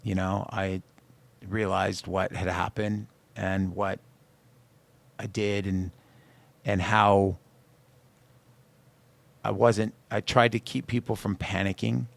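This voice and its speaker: A low-pitched man with a gravelly, fry-laden voice tells his story in a radio studio, and the sound is dry and close. He is an animated storyteller who acts out the quoted lines of other people as he talks. He is a singer, the guest in an interview. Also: slow pace, long pauses, no room sound.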